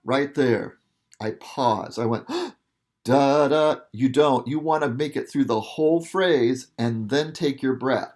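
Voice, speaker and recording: A man's voice: medium pitch, measured pace, darkish tone. Man coaching a music lesson. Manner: casual, patient coaching with frequent "okay" and "um". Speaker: music teacher. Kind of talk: instrument lesson talk.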